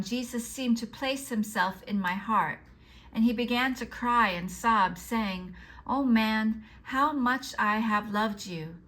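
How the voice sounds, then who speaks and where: Female reader for a religious text, fairly high and bright, earnest and measured. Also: poor audio. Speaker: devotional reader. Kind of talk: scripted reading of a religious text.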